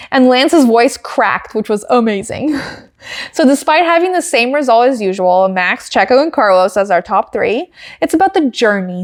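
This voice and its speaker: Giggly young woman recapping races. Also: on the high side. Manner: chatty, giggly, animated asides. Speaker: podcast host. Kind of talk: casual race recap.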